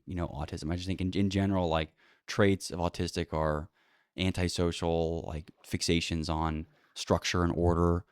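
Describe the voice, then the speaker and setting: A man's voice: deep voice, a little mellow, no echo, clean studio sound. A man hosting a solo talk show, rambling bluntly with many fillers and restarts. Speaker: podcast host. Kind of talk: casual solo commentary.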